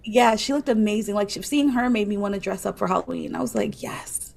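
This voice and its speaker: A woman's voice: medium pitch, quick pace, vocal fry, a little mellow. A woman co-hosting a podcast, chatting in a hesitant, rambling way full of fillers. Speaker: podcast co-host. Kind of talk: casual chat.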